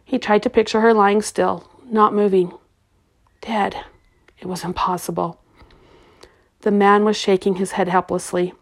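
A woman narrating a novel in a steady, even storytelling voice. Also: medium pitch, a little slow, long pauses. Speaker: audiobook narrator. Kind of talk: scripted narration.

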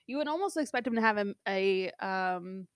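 A woman's voice: mid-range voice, lively intonation, moderate pace, no room sound. Chatty woman with a dry, close sound. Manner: chatty, rambling, with many fillers. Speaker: podcast co-host. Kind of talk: casual chat.

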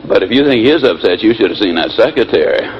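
Animated, fast-talking male motivational speaker. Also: on the low side. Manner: animated, storytelling, folksy. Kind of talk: motivational speech with acted stories. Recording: muffled lo-fi with faint hiss.

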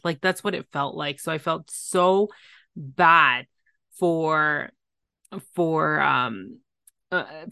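A woman with a slightly low voice, recapping a reality show in casual podcast chat. She is animated and slips into put-on voices to act out quotes. The sound is close and dry. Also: no room sound. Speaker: podcast co-host.

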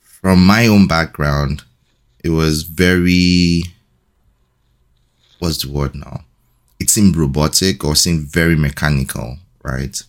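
A man's voice: rumbling low, steady tone, slow pace, pauses often. A young Nigerian man co-hosting a faith podcast, playful and joking, more hesitant when he reflects. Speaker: podcast co-host. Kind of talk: casual faith podcast chat.

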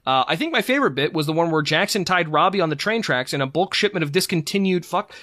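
A man's voice: fairly high pitch, expressive, fast, sharp tone, no echo, clean studio sound. A man hosting a podcast in casual chat, rambling and cursing in frustration. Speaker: podcast host.

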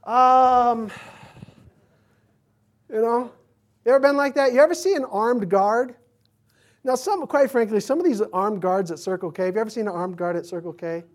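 A male pastor delivering a sermon in a conversational way. He mixes scripture with humorous everyday asides. Now and then his excitement jumps up mid-thought. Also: extremely high pitch, normal speed, long pauses.

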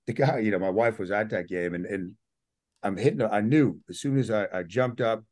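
A man's voice: fairly low pitch, normal speed, no room sound, studio quality. A middle-aged man, a podcast guest, telling a personal story in a casual interview and acting out what people said. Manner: animated storyteller, acts out quotes.

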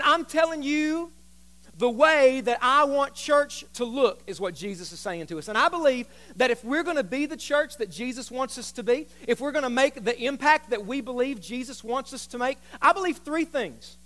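A male pastor delivering a sermon into a microphone in a church. His voice sits very high and sounds bright and forceful. He reads scripture aloud and keeps breaking in with playful jokes for the congregation. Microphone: handheld microphone.

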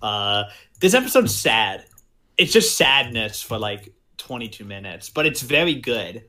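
A man hosting a casual podcast chat, talking in animated bursts and stumbling over his own restarts. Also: mid-range voice, a little slow. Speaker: podcast host.

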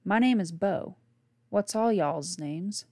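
A woman's voice: mid-range voice, normal speed, darkish tone, dry recording, clean studio sound, lightly acted. A woman voicing a sinister thin male drifter who puts on a folksy drawl. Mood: ingratiating.

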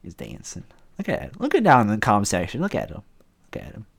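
A man hosting a solo sports podcast, talking casually and profanely in a rambling, halting way with lots of fillers and restarts. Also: on the low side, huge pitch swings, creaky, slightly rough. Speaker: podcast host.

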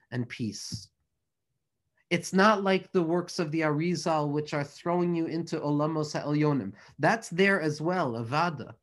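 A man giving an impassioned Torah lecture, speaking in rhythmic runs of repeated, building phrases. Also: fairly high pitch. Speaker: Torah teacher.

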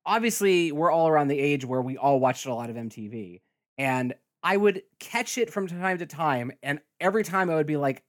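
A middle-aged man, a guest podcaster, chatting casually, lively and prone to rambling. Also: fairly high pitch, moderate pace. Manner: lively, laughs easily, rambling. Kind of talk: casual chat.

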